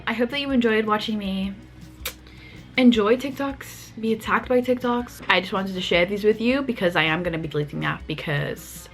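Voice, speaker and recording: Chatty vlogger lady, soft liverpool accent, keeps saying like, laughs at herself. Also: mid-range voice, moderate pace, soft background music. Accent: mild Liverpool. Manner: chatty and self-mocking, lots of "like". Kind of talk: casual vlog chat.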